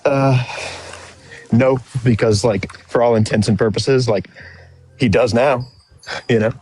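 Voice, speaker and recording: A man's voice: mid-range voice, steady tone, unhurried, a little mellow. A man in his thirties calling in, who hedges and fills his answers with "like". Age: 30s. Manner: hedging, fills speech with "like". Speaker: caller. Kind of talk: casual call-in conversation.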